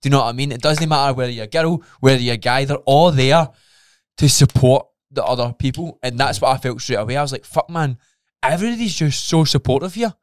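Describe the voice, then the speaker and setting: A man chats on a podcast, telling his story with animated energy and plenty of swearing. He acts out his own reactions as he goes. His voice sits at a middling pitch, and the sound is dry and close to the mic. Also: quick pace, clean tone, dry recording. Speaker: podcast co-host. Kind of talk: casual chat.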